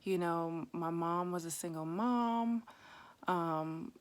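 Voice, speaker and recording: Woman, 30s, low voice, unhurried candid testimony, rises into emphatic outbursts. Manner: candid, conversational, bursts of raised intensity. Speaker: vlogger telling her story.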